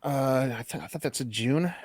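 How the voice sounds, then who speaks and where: A man co-hosting a podcast who is a voice actor, talking in a relaxed, thoughtful way. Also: medium pitch, brisk, no echo. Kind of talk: casual chat.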